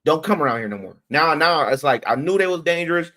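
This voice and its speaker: A man's voice: fairly high pitch, lively intonation, fast talker, sharp tone. A man streaming a heated commentary rant, blunt and profane, who repeats his words and restarts sentences as he presses his point.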